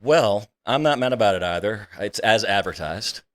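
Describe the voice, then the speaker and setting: Easygoing low-voiced man on a podcast. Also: expressive, normal speed, fairly bright tone. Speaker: podcast guest. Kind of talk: casual chat. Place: studio.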